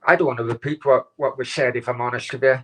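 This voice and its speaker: A man hosting his own live stream, upset and close to tears, talking haltingly with many restarts and some swearing. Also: mid-range voice, fairly even intonation, poor audio. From Wales. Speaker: channel host.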